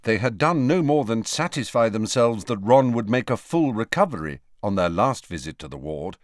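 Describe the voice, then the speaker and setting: A man reading a novel aloud as narrator, with expressive, varied delivery. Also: fairly low pitch, moderate pace, no echo, clean studio sound. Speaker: audiobook narrator. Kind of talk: scripted narration.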